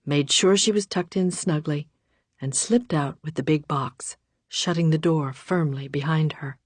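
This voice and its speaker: Woman storybook narrator, expressive, very slow and deliberate. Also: low-pitched, no echo.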